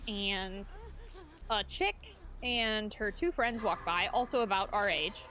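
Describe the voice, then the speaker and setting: A woman's voice: medium pitch, animated, slow pace, sharp tone, a little hiss or hum. A woman streaming a game, telling stories in casual, chatty talk with bursts of laughter. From United States. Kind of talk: casual chat while gaming.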